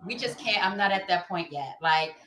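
A woman's voice: medium pitch, moderate pace, a little hiss or hum. Playful woman co-host in an echoey room. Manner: expressive, playful, laughs while telling. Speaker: podcast co-host. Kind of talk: casual chat, storytelling.

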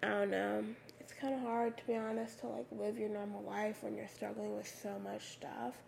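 A teenage girl hosting her own podcast, raspy with a slight lisp on her s sounds, rambling casually with lots of "like" fillers into a USB microphone. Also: mid-range voice, little pitch movement, moderate pace, darkish tone, slight background noise. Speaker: podcast host. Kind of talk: casual solo podcast talk. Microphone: USB microphone at a computer.

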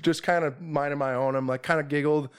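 A young man casually telling a profane, animated story as a podcast guest. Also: a little high, fast, clean tone.

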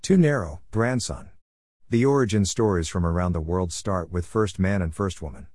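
A man's voice: deep voice, moderate pace, no room sound, studio quality. Man doing a patient wise old grandfather. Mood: patient, teaching. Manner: calm, teaching tone.

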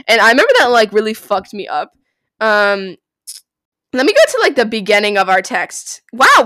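A young woman hosting a casual solo podcast, rambling and giggly, breaking into squeals and yells. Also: mid-range voice, no echo. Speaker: podcast host.

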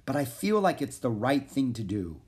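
A man's voice: medium pitch, sing-song, moderate pace, darkish tone, lightly acted. A man voicing a cheerful young girl. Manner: upbeat, coaxing, confident.

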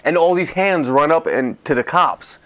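A man's voice: a little high, lively intonation, moderate pace, fairly bright tone. A man co-hosting a comedy podcast, improvising an absurd story and laughing often. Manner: giggly, builds absurd story. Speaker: podcast co-host.

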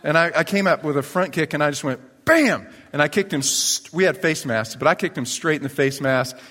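A male pastor giving a sermon in a chatty storytelling way, growing lively as he tells personal stories. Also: a little high, fairly quick. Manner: conversational storytelling, animated when telling anecdotes. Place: church sanctuary. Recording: church hall reverb.

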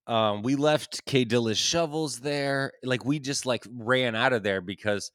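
A man telling a story in casual chat, laughing often, swearing and acting out the quotes loudly. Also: fairly low pitch, smooth, no room sound, studio quality.

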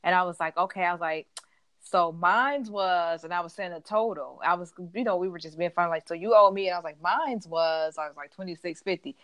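A woman co-hosting a podcast in casual chat, telling lively stories and acting out what people said. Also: lowish voice, quick pace, few pauses, dry recording. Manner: animated storytelling, acts out quotes. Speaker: podcast co-host.

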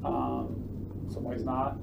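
A man's voice: mid-range voice, little pitch movement, slow, vocal fry. A man hosting a podcast in casual chat, joking and wisecracking, recorded on a distant mic in a roomy, noisy space. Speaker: podcast host.

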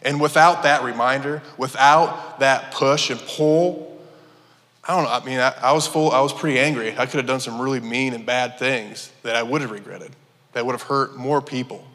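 A man sharing a personal testimony in a church, earnest and halting, with many restarts. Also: mid-range voice, fairly even intonation, fairly bright tone. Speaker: church member giving testimony. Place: church sanctuary. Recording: long hall reverb.

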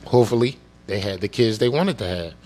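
A man's voice: lowish voice, lively intonation, brisk, a little mellow. Guy ranting on his own show, cussing nonstop, voice jumps all over. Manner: angry, swears constantly, repeats phrases. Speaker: show host. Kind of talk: profane political rant.

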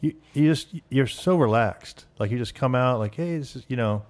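A man co-hosting a podcast who asks questions in a halting, restarting way. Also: medium pitch, darkish tone. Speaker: podcast co-host. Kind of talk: casual interview chat.

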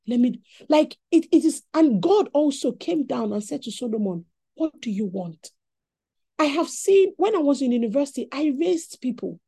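A woman with a Nigerian accent preaching a sermon in an animated teaching style. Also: high voice, gravelly.

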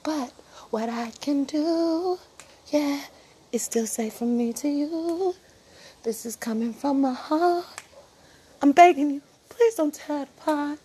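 A woman with a very high voice improvises a half-sung monologue in a slow, drawn-out rhythm. She keeps answering herself with "what?" and "yeah". Her delivery swings from soft murmurs to loud sung bursts, with a faint hiss behind her.

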